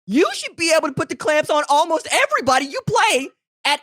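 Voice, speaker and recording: Man, podcast host, emphatic trash talk, swings high for emphasis, dry recording. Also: brisk, dry recording. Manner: animated, emphatic trash talk with big pitch jumps; talks straight to fans in second person. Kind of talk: solo sports podcast monologue.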